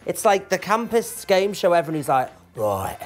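A man's voice: high voice, lively intonation, a little fast, soft background music. A male drag queen gossiping cheekily and swearing while reacting to a dating show. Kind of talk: bawdy casual chat.

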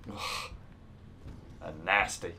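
A man's voice: drawn-out words, sharp tone, a little hiss or hum. A man giving rambling, casual commentary over a video game, swearing and laughing easily. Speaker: gaming YouTuber.

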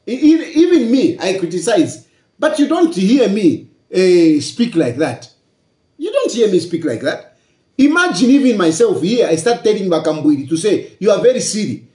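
Emphatic Zambian man, high lively voice. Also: moderate pace, reverberant. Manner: repetitive, emphatic, asks rhetorical questions. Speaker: political commentator. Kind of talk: casual political commentary.

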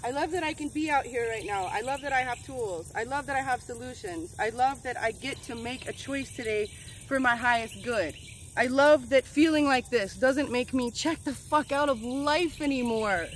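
A woman's voice: high-pitched, normal speed, a little hiss or hum. A middle-aged woman, a well-being coach, talking casually and emphatically in a motivational vlog outdoors. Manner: earnest, affirming, emphatic. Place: outdoors in nature with birds.

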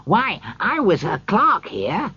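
A man voicing an old miser who exclaims in a high, strained voice. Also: huge pitch swings, takes it slowly, pushed and bright, breathy edge, dry recording, muffled recording, full character voice. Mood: excited. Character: old male miser, stirred and excitable.

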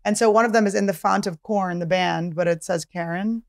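A woman's voice: fairly low pitch, brisk, creaky, dry recording, studio quality. A woman comedian hosting her podcast, chatty and self-mocking, laughing often and swearing freely. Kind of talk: casual podcast chat.

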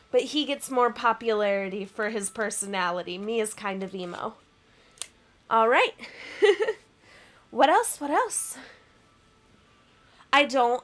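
Young woman streamer, high and bright voice, bubbly and self-deprecating, casual home webcam chat. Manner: bubbly, laughs often, chatty and self-deprecating. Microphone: webcam and computer mic.

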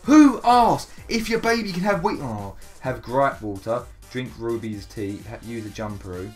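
A young man doing casual gameplay commentary, swearing often and quick to get exasperated and mock himself. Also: medium pitch, lively intonation, a little mellow, soft background music. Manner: swears a lot, quick to exasperation, self-mocking. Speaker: gaming YouTuber.

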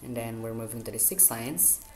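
A man's voice: mid-range voice, expressive, normal speed, a little mellow. A man presenting a student lesson on poetic meter, going methodically through each word and repeating it as he breaks it into syllables. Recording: roomy echo with faint background hum.

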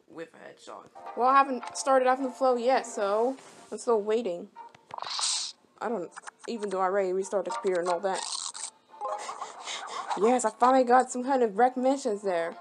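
A woman giving rambling, casual game commentary, breaking into sudden excited exclamations. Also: medium pitch. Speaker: gameplay commentator. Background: game music.

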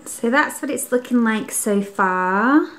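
Speaking slowly with a high-leaning, somewhat bright voice and lively intonation, a young lifestyle vlogger chats to camera about her home and Christmas tree. Her upbeat talk is peppered with ums, recorded through a camera mic in a roomy living room.

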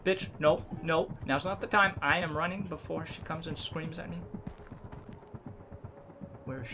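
A man commentating a horror game as he plays, jumpy and swearing, shouting when scared. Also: on the high side, normal speed, background noise. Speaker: gaming video creator.

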